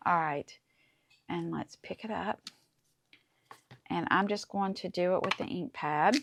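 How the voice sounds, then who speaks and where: A woman's voice: fairly low pitch, vocal fry, no room sound. A woman hosting a casual crafting tutorial, chatty and enthusiastic as she talks through each step. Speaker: crafting channel host.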